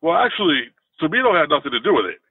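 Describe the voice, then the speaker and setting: A man co-hosting a podcast, telling a story in an animated, casual way. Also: fast talker, vocal fry, breathy edge, no room sound. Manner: animated, jumps into higher pitch when telling a story. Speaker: podcast co-host. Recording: tinny phone-like dry sound.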